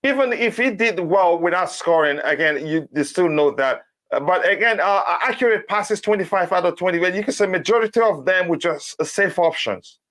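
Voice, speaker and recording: Man, host, casual live football review, halting, filler-heavy, fairly high voice. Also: animated, a bit bright. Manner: halting, reads stats aloud with many fillers.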